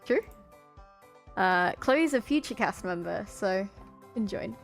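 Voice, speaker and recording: A woman's voice: mid-range voice, lively intonation, measured pace, gravelly. Young woman, casual livestream host, headset chat, greets viewers, light music underneath. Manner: chatty, greets viewers and reads chat aloud. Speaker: streamer host. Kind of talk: casual live-stream chat.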